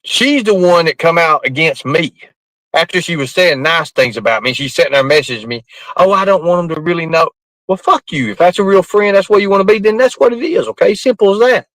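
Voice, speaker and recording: A man's voice: fairly high pitch, a little fast, fairly bright tone, no room sound, poor audio. A man ranting defensively to his live-stream chat, swearing often and rambling from point to point. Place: outdoors at night in the rain.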